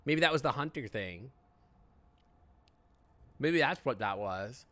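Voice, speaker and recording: A man's voice: medium pitch, expressive, takes it slowly, fairly bright tone. A man streaming a game live, chatting, laughing often and reacting on the fly. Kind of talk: live gameplay commentary.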